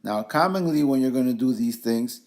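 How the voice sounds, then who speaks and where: A man explaining language points as a trainer, relaxed, slowly repeating example phrases with fillers. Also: mid-range voice. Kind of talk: instructional explanation.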